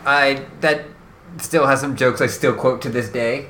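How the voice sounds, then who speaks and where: A man's voice: mid-range voice, steady tone, fairly bright tone, a little hiss or hum. Easygoing man in nerdy podcast chat. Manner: quick, loose, nerdy enthusiasm. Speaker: podcast co-host reading questions.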